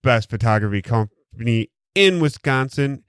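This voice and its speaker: A podcast host with a lowish, darkish voice that's clear and resonant speaks at normal speed on a dry, close-miked studio recording. He rambles through casual chat, making jokes and using heavy profanity.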